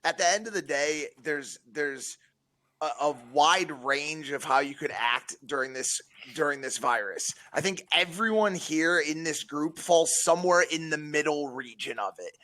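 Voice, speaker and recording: Calm, bright-voiced man mediating. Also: on the high side, moderate pace, rough recording. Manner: calm, trying to settle the argument. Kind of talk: casual podcast chat.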